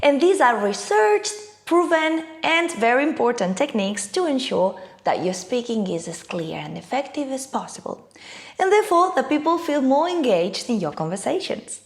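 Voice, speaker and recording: Lively, emphatic woman English teacher. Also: sits high, normal speed. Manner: clear, emphatic teaching delivery. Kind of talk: scripted online lesson.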